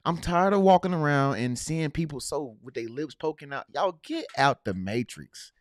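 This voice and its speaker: A man's voice: a little high, animated, normal speed, dry recording, studio quality. A man giving a slangy, repetitive motivational talk to his viewers. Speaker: motivational vlogger.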